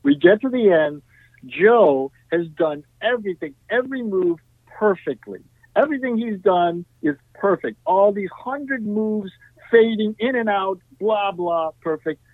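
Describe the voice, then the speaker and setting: A man, a guest musician, telling animated stories in a podcast interview, full of "you know" and "right?". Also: high-pitched, unhurried, no echo. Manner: animated, tag questions, frequent "you know". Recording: tinny dry phone-like line.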